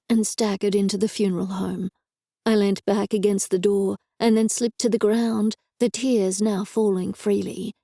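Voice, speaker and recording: Warm, gravelly woman narrating an audiobook. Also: medium pitch, no echo, clean studio sound. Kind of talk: first-person audiobook narration.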